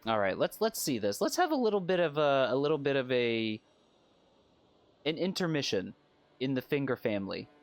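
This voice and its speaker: A man livestreams a game while chatting casually, rambling, swearing, and restarting his sentences. His voice is mid-range and sing-song, at a normal speed.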